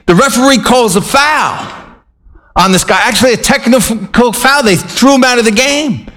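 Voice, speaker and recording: A man's voice: very high-pitched, normal speed, a bit bright. A man preaching a sermon, earnest and emphatic, telling anecdotes to make his point. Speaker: pastor.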